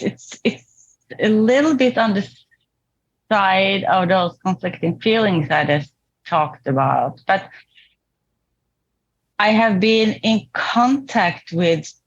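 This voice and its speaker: A woman as a therapy client, talking reflectively and hesitantly with restarts and soft laughs, over a video call. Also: lowish voice, muffled recording. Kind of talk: therapy session talk.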